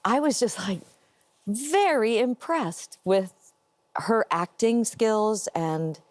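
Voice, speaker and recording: A woman's voice: on the high side, animated, takes it slowly. An American woman in her fifties, an actress guest answering interview questions thoughtfully and laughing easily. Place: TV studio.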